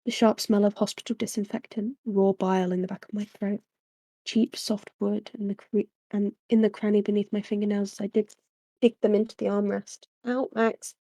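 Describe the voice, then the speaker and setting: A young woman reading a novel aloud on a livestream into a desk microphone at home, in a soft, unhurried narration with chatty asides. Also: mid-range voice, flat delivery, no echo. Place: small room at home.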